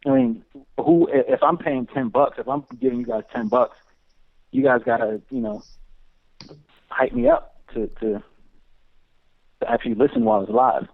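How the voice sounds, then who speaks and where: A man's voice: mid-range voice, expressive, normal speed, long pauses. A man calling in as a guest on a comedy podcast, chatting casually with lots of fillers over a tinny phone-line recording. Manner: chatty, with a lot of fillers and restarts.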